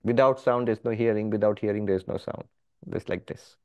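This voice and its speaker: A middle-aged man, a monk, teaching a philosophy class, explaining step by step with lively emphasis. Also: lowish voice, a little fast. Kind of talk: philosophy lecture.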